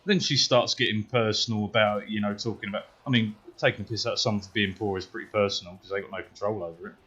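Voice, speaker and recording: A British man streaming a game, telling a story in a casual, profane way that grows animated and louder as he gets worked up. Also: fairly low pitch, quick pace, husky, lo-fi sound. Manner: profane, swears constantly. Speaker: gaming streamer.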